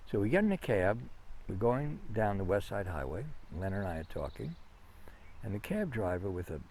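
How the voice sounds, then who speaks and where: Speaking as an interview guest, a man with a lowish, slightly mellow voice tells long stories in a conversational way. He rambles with fillers and restarts, and there's a little hiss or hum.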